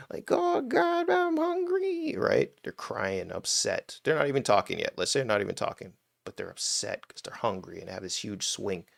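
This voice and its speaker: Gravelly low-voiced man teaching on stream. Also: no echo, studio quality. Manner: informal and blunt, swears, many "right?" tags. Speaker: host of a spirituality and money live stream. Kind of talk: casual live-stream teaching.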